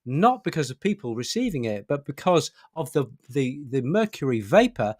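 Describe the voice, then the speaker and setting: A man's voice: mid-range voice, sing-song, normal speed, darkish tone, no echo. Easygoing male podcast co-host. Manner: easygoing, brief encouraging replies, explains to listeners. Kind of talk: casual chat.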